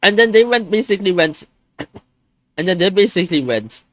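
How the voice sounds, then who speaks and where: Young male streamer, fairly high voice that swings up and down, frustrated and cursing, close dry sound, stumbles over his words. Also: animated, normal speed, a bit bright, no room sound. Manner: frustrated, swearing, stammering restarts. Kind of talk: venting on a live stream.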